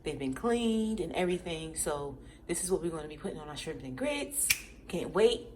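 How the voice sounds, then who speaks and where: A woman chatting excitedly in a casual cooking vlog, often saying y'all. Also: low voice, moderate pace, a little hiss or hum. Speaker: vlogger. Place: home kitchen with frying food.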